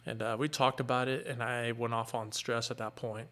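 A middle-aged man, a fire captain, earnestly retelling a painful personal story in a candid, halting way. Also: medium pitch, fairly even intonation, bright, forceful tone.

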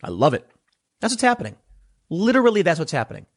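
A man's voice: fairly high pitch, fast, breathy edge. A man delivering a sarcastic political opinion monologue, talking straight to his audience. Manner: animated, sarcastic, mocking voices of others. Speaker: political commentator.

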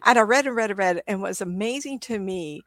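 An older woman telling stories as a psychic medium guest on a video call, animated and chatty, often laughing and restarting her sentences. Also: mid-range voice, quick pace, no room sound, studio quality. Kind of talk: casual interview storytelling.

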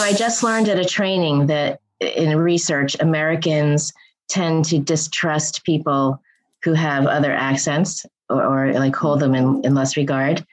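Low-voiced woman, friendly podcast guest. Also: rough recording. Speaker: family law attorney and mediator, guest. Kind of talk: casual podcast chat.

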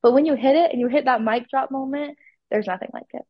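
A woman's voice: sits high, fast, dry recording, highs cut off. A teenage girl from Utah, a pageant titleholder, telling her story with enthusiasm in a casual interview. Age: teens.

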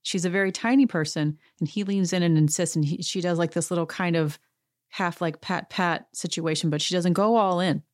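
A woman's voice: on the low side, fairly even intonation, a little fast, no room sound, clean studio sound. A middle-aged woman hosting a recap show, chatty and sarcastic, acting out quotes in bigger voices. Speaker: podcast host recapping a reality show. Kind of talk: casual recap monologue.

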